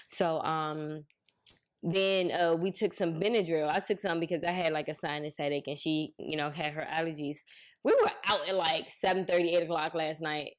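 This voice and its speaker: A woman's voice: low voice, normal speed. Chatty young woman telling stories. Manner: chatty storytelling, slangy, animated quoting. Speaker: podcast co-host. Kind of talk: casual chat.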